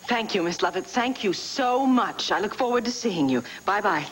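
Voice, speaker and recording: A woman's voice: mid-range voice, animated, brisk, background noise, natural voice. An actress playing a persistent, insistent woman in a 1980s TV soap opera, pressing politely for what she wants. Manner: insistent, gushing. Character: pushy, persistent woman chasing old files.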